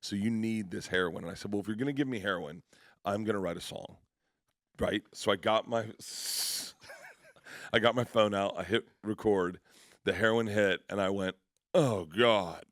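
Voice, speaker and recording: A comedian telling rambling anecdotes in a radio interview, acting out other people's voices and laughing along. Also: male voice, lowish voice, moderate pace, no echo, studio quality. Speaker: comedian guest.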